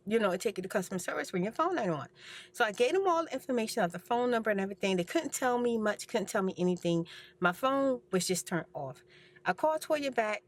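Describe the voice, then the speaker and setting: Older woman, high and very lively voice, rambling story chat; complaining, repeats herself, acts out every line. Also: normal speed. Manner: animated, repetitive, complaining, acts out dialogue. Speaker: ASMR creator.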